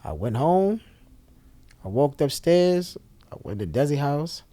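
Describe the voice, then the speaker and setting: A young man speaking as an interview guest, telling a personal story candidly and bluntly, with profanity, and acting out the dialogue with quick shifts of voice. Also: a little high, very animated, mellow, no room sound.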